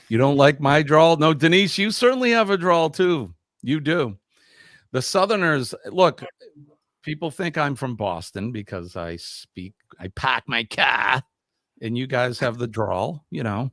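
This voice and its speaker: Lively American man hosting live chat. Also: medium pitch, unhurried, no echo, clean studio sound. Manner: lively, chatty, reads out viewer comments. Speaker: live stream host. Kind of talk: casual live chat and quiz.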